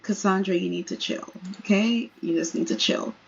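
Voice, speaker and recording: Lady doing a chill flirty sim guy, slangy, kinda husky, dull audio. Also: mid-range voice, moderate pace, voice pushed down. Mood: cool. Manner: slangy, easygoing, smooth-talking.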